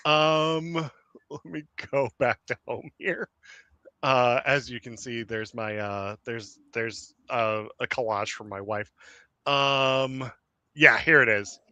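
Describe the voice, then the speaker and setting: A male podcast host chatting in a loose, rambling way, full of fillers and small laughs. His voice is bright and forward, and he talks at an unhurried pace. The sound is dry and close on the mic. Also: mid-range voice, steady tone, no echo. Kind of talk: casual chat.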